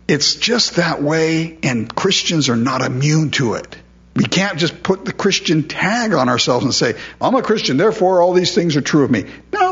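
A man's voice: fairly high pitch, a bit bright, lo-fi sound. A man preaching a sermon in a conversational way, asking his listeners questions and repeating words as he goes. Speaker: pastor.

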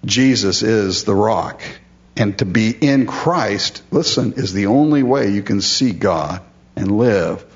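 A man's voice: on the low side, animated, slow, lo-fi sound. A man preaching a sermon, addressing the congregation directly and building to emphatic rises on key words. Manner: addresses listeners directly as "folks". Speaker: pastor.

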